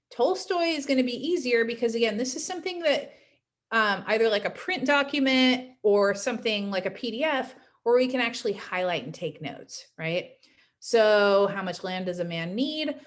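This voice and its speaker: A woman's voice: on the high side, expressive, normal speed. Chatty woman teacher, recorded lecture. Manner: chatty, frequent "right?" tags.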